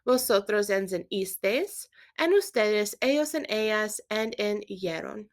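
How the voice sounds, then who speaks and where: A woman teaching a Spanish grammar lesson, patiently explaining verb endings and quizzing the listener in a clear, steady way. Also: medium pitch, a little slow. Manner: clear, patient instruction with quiz prompts. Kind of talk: scripted language lesson.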